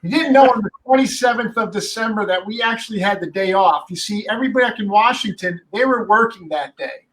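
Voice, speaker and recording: A man guest telling a lively anecdote in casual chat. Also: high voice, quick pace, hardly any pauses, distant mic, poor audio. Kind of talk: casual storytelling.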